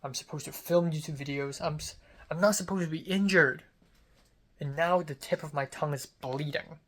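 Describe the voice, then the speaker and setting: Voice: mid-range voice, normal speed, a bit bright. A young adult student vlogger in a casual venting monologue, rambling, self-critical and swearing freely.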